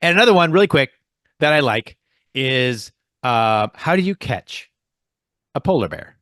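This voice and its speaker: A man co-hosts a podcast in casual, joking chat. His delivery is playful and bantering, with a lively, animated pitch. The sound is dry and close on a podcast mic. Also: unhurried, no echo. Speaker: podcast co-host.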